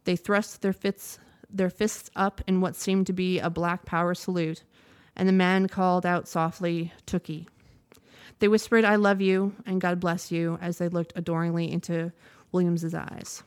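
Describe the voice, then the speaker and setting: Low, smooth-voiced woman reading news. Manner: measured, steady reading with occasional self-corrections. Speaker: news reader. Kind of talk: reading a news report aloud.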